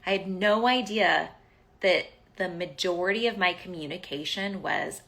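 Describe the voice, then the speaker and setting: A woman's voice: on the low side, moderate pace, creaky, fairly bright tone. A woman hosting a podcast, talking through a personal story in a casual coaching monologue, emphatic and repetitive, swearing now and then. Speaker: podcast host.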